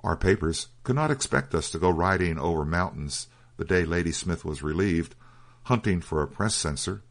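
Very deep-voiced male audiobook narrator. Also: animated, moderate pace.

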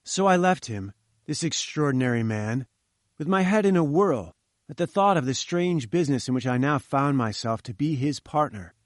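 A man's voice: mid-range voice, normal speed, no room sound, studio quality. A man narrating a story in the first person, voicing its characters in turn. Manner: reads with lively character voices. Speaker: audiobook narrator. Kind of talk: scripted narration.

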